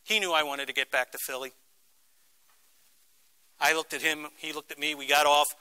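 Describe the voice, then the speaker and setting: Guest lecturer, man, middle-aged, from Philadelphia; bright, fairly high voice, dramatic storyteller. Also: level tone, normal speed, smooth. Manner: dramatic, acts out quoted voices. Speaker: guest speaker. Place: university lecture room.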